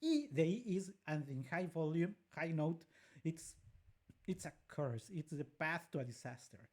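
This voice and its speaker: A woman's voice: low voice, lively intonation, normal speed, darkish tone. A woman, co-hosting a music show and explaining vocal technique in detail, with a patient, teacherly manner. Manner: explanatory, demonstrates by singing phrases. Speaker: co-host and vocal coach. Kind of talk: analytical music commentary with sung examples.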